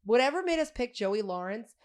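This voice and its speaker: A woman's voice: fairly high pitch, very animated, brisk, a little mellow. A woman co-hosting a podcast, teasing and laughing in casual chat. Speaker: podcast co-host.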